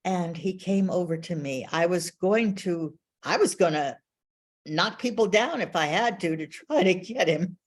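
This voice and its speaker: Give me an older woman with a lower voice, animatedly recounting a story in an interview. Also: a little slow. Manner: animated storyteller, acts out dialogue, laughs often. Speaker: veteran journalist, interview guest.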